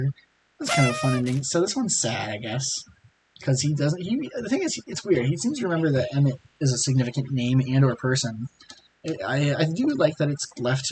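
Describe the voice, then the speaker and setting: A hoarse man casually reading fan fiction aloud and commenting, rambling and swearing freely. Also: medium pitch, a little mellow, slight background noise, low-quality recording.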